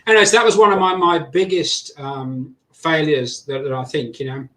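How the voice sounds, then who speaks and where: This man, a guest on a podcast, speaks with an English accent at a fairly high pitch and a moderate pace. He's an animated storyteller from England who performs other people's quotes as he chats, all captured with a roomy echo.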